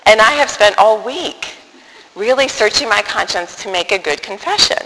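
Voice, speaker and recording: A woman telling a personal story to an audience in an animated, self-deprecating way, often stopping and restarting her sentences. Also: mid-range voice, moderate pace, in a large hall, slight background noise, poor audio.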